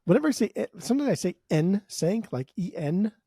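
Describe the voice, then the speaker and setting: Husky, lively-pitched joking podcast guy. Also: a little fast, dry recording, studio quality. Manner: playful, joking, hums tunes. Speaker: podcast co-host. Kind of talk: casual chat.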